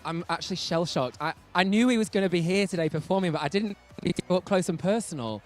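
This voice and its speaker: Excitable male presenter. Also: high-pitched, fast, soft background music. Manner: excitable, gushing. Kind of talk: live broadcast presenting. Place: outdoor festival park.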